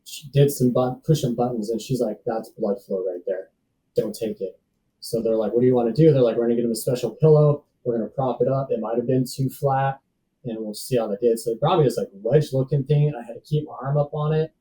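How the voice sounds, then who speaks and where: Recorded from a distance with some hiss or hum and rough quality, this mid-range, dark-toned man talks fast. He is a podcast guest in his thirties who works in safety, sharing a personal story casually and loaded with "dude" and "bro."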